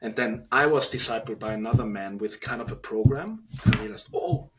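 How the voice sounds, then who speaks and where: A man in his thirties with an Austrian German accent, a guest on a podcast interview, talking earnestly and reflectively with halting restarts. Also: mid-range voice, big pitch swings, a bit bright. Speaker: podcast guest, trainee priest.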